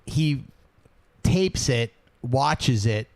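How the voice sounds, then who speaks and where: Slow, deadpan man cracking jokes. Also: medium pitch. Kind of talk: casual chat.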